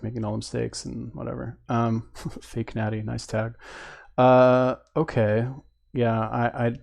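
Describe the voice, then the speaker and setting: Dude reacting to a video, lots of um and i dont know, low voice with some fry. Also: male voice, a little mellow. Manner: hesitant, lots of ums and I don't knows. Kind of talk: casual commentary.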